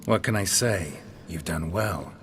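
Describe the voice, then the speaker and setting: Geralt: a deep, dry monster hunter. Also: male voice, measured pace, background noise. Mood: mocking. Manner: dry, sardonic, clipped. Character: gruff male monster hunter, calm and dry.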